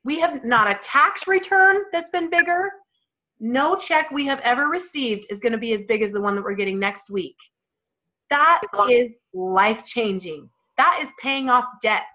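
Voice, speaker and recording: A woman's voice: fairly high pitch, lively intonation, moderate pace, pushed and bright. A woman in her thirties leading a team call, giving an emphatic, emotional motivational talk. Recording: dull lo-fi call audio.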